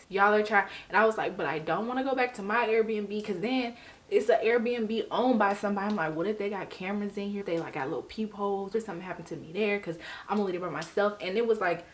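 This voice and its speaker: A young woman from Detroit telling a story on her vlog in a casual, slangy, animated way, laughing as she goes. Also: medium pitch, fairly quick. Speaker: storyteller vlogger.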